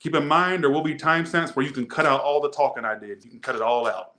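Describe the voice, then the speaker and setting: A man's voice: on the high side, fast talker, bright, forceful tone. Rambling, chatty man reading tarot. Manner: chatty, rambling, joking asides. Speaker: tarot reader. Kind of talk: casual tarot reading video.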